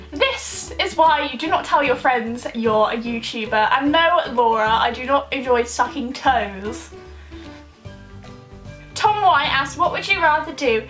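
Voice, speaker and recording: A woman's voice: high voice, fairly bright tone, rough recording. A young woman chatting casually in a vlog, reading out viewers' questions and answering them in an upbeat way. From United Kingdom.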